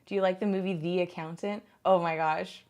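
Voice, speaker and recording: A female livestreamer in her thirties chats casually with her viewers, rambling and packing her speech with "like." Her fairly low, slightly mellow voice is brisk and fairly even in intonation.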